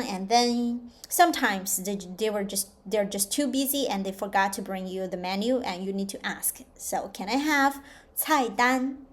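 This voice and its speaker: A woman teaching a slow, patient language lesson, repeating each sound clearly for learners. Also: medium pitch, darkish tone. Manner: drawn-out, repeated model pronunciations. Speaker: Chinese teacher.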